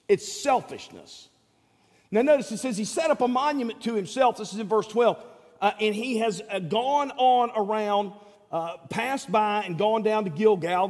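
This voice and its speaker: Man preaching, high and very animated; chatty, quizzes the congregation; long hall echo. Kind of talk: sermon.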